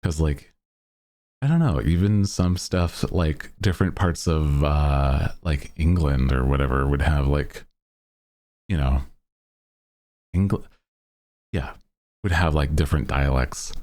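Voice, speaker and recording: A man with an extremely deep voice talks slowly and loosely on stream. He fills his speech with "like" and lets his phrases drift upward at the ends. He teases himself with a laugh now and then. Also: darkish tone. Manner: rambling, heavy use of "like" fillers; upward lilt at sentence ends. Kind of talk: casual stream chat.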